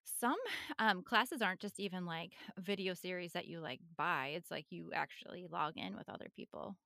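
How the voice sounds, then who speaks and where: A woman's voice: fairly low pitch, normal speed, gravelly, sharp tone, no room sound, studio quality. A woman hosting a podcast, chatting casually in a playful, teasing way and laughing easily. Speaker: podcast host.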